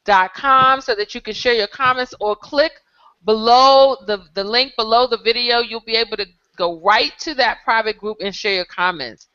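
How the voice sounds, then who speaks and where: Excitable high-voiced woman host, lo-fi. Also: moderate pace, smooth. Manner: excited, exclaiming, reads viewer comments aloud. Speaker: show host. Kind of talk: live online show chat. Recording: dull lo-fi sound.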